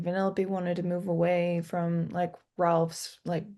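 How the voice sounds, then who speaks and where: A woman's voice: lowish voice, little pitch movement, unhurried, hardly any pauses, warm tone, slight background noise. A young woman co-hosting a casual movie chat, bubbly and full of fillers. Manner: bubbly, lots of fillers and laughs. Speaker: co-host.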